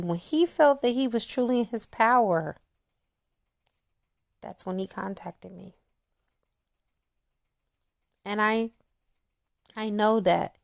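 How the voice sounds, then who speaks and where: Slow gravelly-voiced woman talking to viewers. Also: medium pitch, darkish tone, no room sound, clean studio sound. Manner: intimate, storytelling, acts out quotes. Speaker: spiritual channel host. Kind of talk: casual monologue to viewers.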